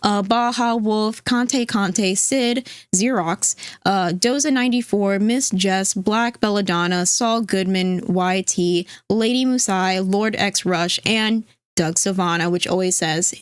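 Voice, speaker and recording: A woman's voice: medium pitch, slow pace, hardly any pauses, smooth, no echo, studio quality. A woman co-hosting a casual livestream, chatting and reading viewer names off a list. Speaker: stream co-host.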